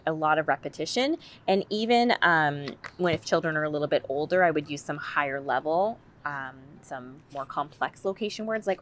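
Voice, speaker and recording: A woman's voice: sits low, animated, normal speed, few pauses, slight background noise. A woman speech and language assistant, explaining practice tips in a conversational way. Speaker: communicative disorders assistant.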